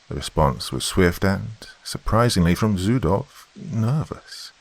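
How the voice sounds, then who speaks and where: Male horror narrator, very deep, gravelly, dramatic delivery. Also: expressive, normal speed, few pauses.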